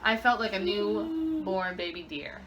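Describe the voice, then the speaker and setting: A woman's voice: medium pitch, very animated, unhurried, noisy background. A young woman vlogger casually recounting a personal story, chatty and full of fillers.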